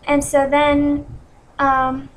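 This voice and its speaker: A woman in her twenties telling a personal story in an earnest, self-critical way, with many pauses and restarts. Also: high voice, monotone, rough recording. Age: 20s. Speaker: vlogger. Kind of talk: personal confessional vlog.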